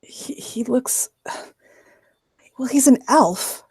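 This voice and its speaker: A woman's voice: high voice, animated, very slow, darkish tone, husky, no echo, in a whisper. A woman narrating as game master of a tabletop game, sometimes hesitant as she searches for words.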